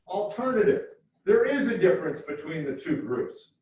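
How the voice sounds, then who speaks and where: A man lecturing a university class, explaining step by step and repeating key points slowly. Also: high voice, sing-song, darkish tone. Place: lecture hall. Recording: echoey hall from far off, dull.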